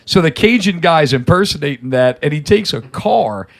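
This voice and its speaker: Lively man in casual podcast chat. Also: fairly high pitch, moderate pace, gravelly, no room sound. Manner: enthusiastic, laughing along, swearing casually. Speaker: podcast co-host.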